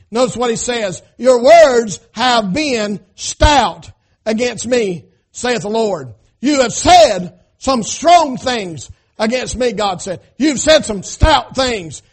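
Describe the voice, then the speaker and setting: A man preaching a sermon as pastor, with a preacher's cadence and frequent "amen?" call-outs, rising to shouts at climaxes. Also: very high-pitched.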